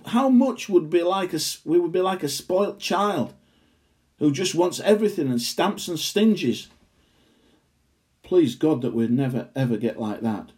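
A man with a high-pitched, slightly mellow voice preaches a sermon earnestly and emphatically, slowing down to stress key phrases.

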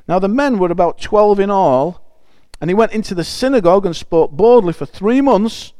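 A man's voice: high-pitched, lively intonation, moderate pace, mellow, no room sound. A man preaching a conversational sermon. He reads scripture aloud and explains it in a chatty, emphatic way, often restarting phrases.

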